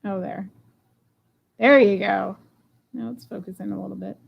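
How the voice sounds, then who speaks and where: A woman's voice: medium pitch, steady tone, moderate pace, gravelly, breathy edge, dull audio. A woman selling jewelry on a live stream, chatting playfully and joking about herself as she unboxes and runs auctions. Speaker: online jewelry seller. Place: home room.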